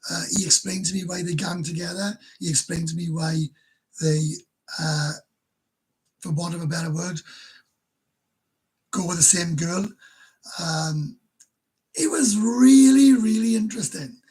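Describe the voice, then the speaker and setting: A man's voice: on the high side, level tone, measured pace, long pauses, slightly rough, rough recording. A man with a Welsh accent hosting a live stream, chatting casually and reading out viewer comments in a blunt, rambling, self-mocking way.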